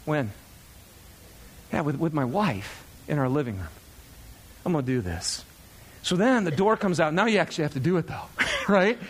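Pastor guy in his 30s, kinda high voice, telling a story all animated and chatty from the pulpit. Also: normal speed, husky. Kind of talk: storytelling sermon to a congregation.

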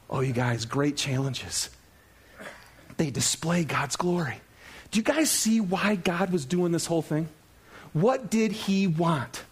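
Pastor, male, high-pitched, conversational preacher who drops to a hush and then builds to shouts. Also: takes it slowly, husky. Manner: swings from hushed low delivery to excited shouting; conversational, addresses congregation as "you guys". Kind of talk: sermon.

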